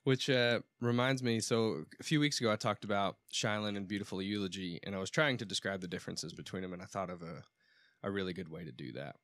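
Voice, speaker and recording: A man's voice: deep voice, fast, fairly bright tone, dry recording, studio quality. A man co-hosting a casual talk podcast, joking and laughing often while getting over a cold. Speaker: podcast co-host. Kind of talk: casual chat.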